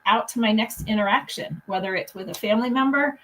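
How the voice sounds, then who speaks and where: A woman's voice: fairly high pitch, fairly quick, a bit bright, poor audio. A woman hosting a podcast, chatting in a playful, upbeat way about self-love. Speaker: podcast host. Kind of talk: casual conversational interview.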